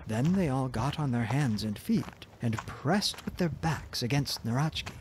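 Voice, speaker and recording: A man narrating a fairy tale in a soft, gentle, expressive reading voice. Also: medium pitch, unhurried, hardly any pauses, slight background noise. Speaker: storyteller.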